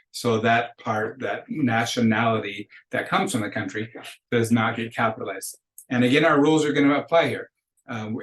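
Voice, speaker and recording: Echoey male Spanish teacher lecturing. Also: mid-range voice. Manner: explanatory, slows to model pronunciation. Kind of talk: recorded class lecture.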